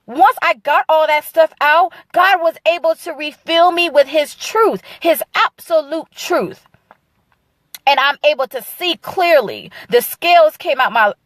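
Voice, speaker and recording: A woman's voice: high-pitched, fairly bright tone, no room sound. A woman preaching an emotional, fervent sermon in an emphatic, repetitive cadence. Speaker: speaker of a ministry. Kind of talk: impassioned sermon-style encouragement.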